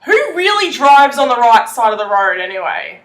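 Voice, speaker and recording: A young Australian woman vlogging in a bright, bouncy voice that swoops up and down as she chats. She is playful and quick to laugh. Her voice rings a little in an echoey room. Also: a little high, sing-song. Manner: chatty, playful, laughs often. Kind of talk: casual vlog chat.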